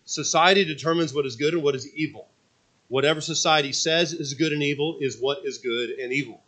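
A man's voice: on the high side, fairly quick, fairly bright tone. A man preacher voicing an agitated young woman caller, a defensive atheist, who argues insistently and then stammers.

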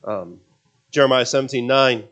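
A pastor delivers a sermon in a medium-pitched voice at normal speed. He swings between loud, emphatic passages and quiet, confiding asides.

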